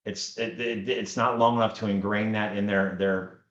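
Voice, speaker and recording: A man's voice: on the low side, level tone, moderate pace, fairly bright tone. A man co-hosting a casual podcast as a Scrum Master, talking earnestly and repeating words as he looks for them. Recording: dull lo-fi audio in an echoey room.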